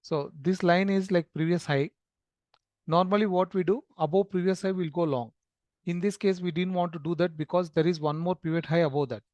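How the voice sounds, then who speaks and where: A man's voice: high voice, steady tone, a little fast, darkish tone, no room sound. A man talking through a screen-shared market chart lesson, explaining step by step with many fillers and restarts. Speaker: trading educator.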